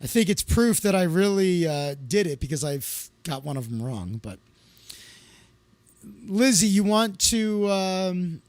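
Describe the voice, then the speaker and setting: High-voiced man chatting loosely to viewers. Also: animated, unhurried, darkish tone, no echo. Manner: loose, anecdotal, with many fillers and restarts. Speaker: comedian hosting a live stream. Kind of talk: casual rambling chat to viewers.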